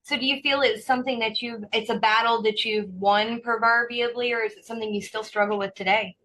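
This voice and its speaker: Bright-voiced woman podcast host. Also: a little high, fairly even intonation, a little hiss or hum, low-quality recording. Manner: measured, curious questioning. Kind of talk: interview questions.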